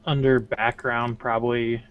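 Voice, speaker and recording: A man's voice: medium pitch, little pitch movement, measured pace, smooth, phone-quality sound. A man playing a tabletop game over voice chat, in a dry, playful way. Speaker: player.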